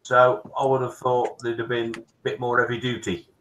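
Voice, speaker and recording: Male co-host of a hobby stream, talks through his build with restarts and pauses. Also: medium pitch, completely flat delivery, fairly bright tone, a little hiss or hum, poor audio. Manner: rambling, halting explanations with restarts. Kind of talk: casual chat.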